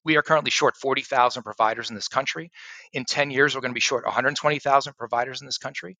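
Bright, lively middle-aged man telling stories. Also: fast talker, dry recording, rough recording. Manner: animated storyteller who acts out phone pitches. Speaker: guest, sales and recruiting coach. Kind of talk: casual podcast interview.

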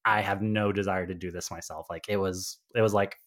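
A man's voice: deep voice, steady tone, a little fast, a bit bright. A man who founded an agency, speaking as a podcast guest in casual interview talk, conversational with lots of fillers and restarts.

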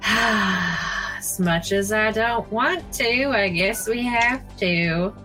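A woman playing a tabletop game in casual chat, excitable, swearing and laughing a lot. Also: mid-range voice, extremely slow, soft background music. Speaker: player.

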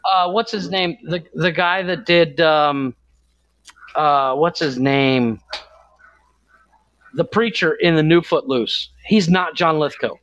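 A podcast co-host chatting casually, his voice sitting a little high. He rambles and restarts often while hunting for words. The recording sounds dull and lo-fi. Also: a bit bright, no room sound. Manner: rambling, halting, many restarts. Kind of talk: casual chat.

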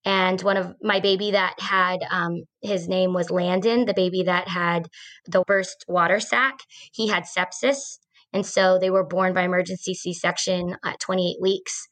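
Bright-voiced earnest woman telling a story. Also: medium pitch. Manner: earnest, conversational, with fillers and restarts. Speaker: podcast host. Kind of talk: personal storytelling in a discussion podcast.

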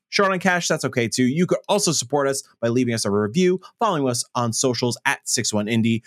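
Animated, laughing podcast host. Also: male voice, medium pitch. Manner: animated, laughs often, stumbles over reads. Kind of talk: casual podcast intro and chat.

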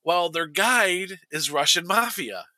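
A man's voice: high-pitched, animated, slow, bright, forceful tone, dry recording, rough recording. A middle-aged man chatting casually on a podcast, telling a long story with restarts and laughing at his own tale. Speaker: podcast co-host.

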